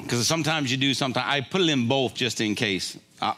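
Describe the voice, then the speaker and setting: Bright-voiced older man preaching. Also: mid-range voice, brisk. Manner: conversational, laughing often, tag questions. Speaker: pastor. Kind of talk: sermon.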